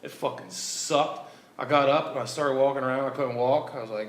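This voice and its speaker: A man with a mid-pitched voice tells a rambling, profane story in casual podcast chat. The room is echoey, and faint noise sits behind him. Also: normal speed, a bit bright. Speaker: podcast co-host. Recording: roomy echo, faint noise.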